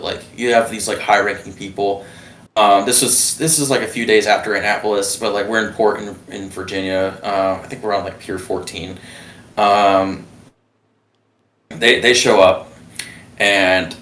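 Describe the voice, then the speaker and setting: A young man, a former submarine sailor, telling his story as a guest in a halting way full of restarts. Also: fairly low pitch, fairly bright tone, slight background noise. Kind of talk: casual storytelling. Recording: roomy, distant mic.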